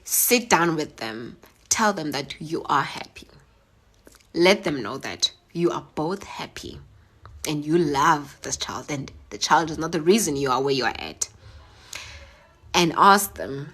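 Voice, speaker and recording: Woman hosting a live stream, teary, heartfelt and halting, lowish voice, phone mic. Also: animated, fairly bright tone, slightly rough. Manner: emotional, heartfelt, halting with fillers. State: teary after crying. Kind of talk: earnest live-stream talk reading comments.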